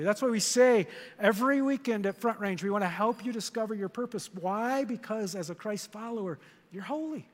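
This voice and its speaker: An older man, a grandfather, preaching a sermon in a church auditorium, animated and leading the congregation in repeated phrases. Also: high voice, normal speed, in a large hall. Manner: animated, storytelling with congregation call-and-response. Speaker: pastor.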